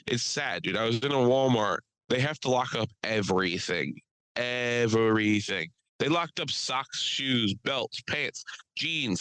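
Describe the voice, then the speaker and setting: A man co-hosting a podcast in casual chat, an animated, profane storyteller. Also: medium pitch, no echo, low-quality recording. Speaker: podcast co-host.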